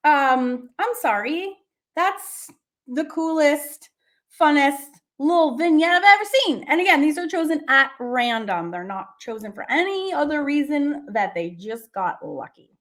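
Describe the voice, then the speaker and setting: A woman's voice: high-pitched, expressive, unhurried, a bit bright. A woman art teacher hosting a casual live lesson, bubbly and gushing, chatting with lots of fillers.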